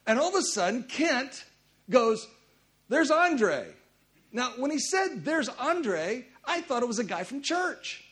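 A man preaching a sermon as pastor, telling stories with sudden loud bursts of emphasis. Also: very high voice, very animated, measured pace.

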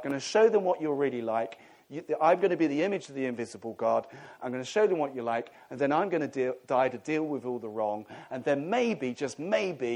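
A man voicing Jesus as a calm adult son reasoning with his angry father, in a weary, persuasive way. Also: mid-range voice, voice pushed down, lightly acted.

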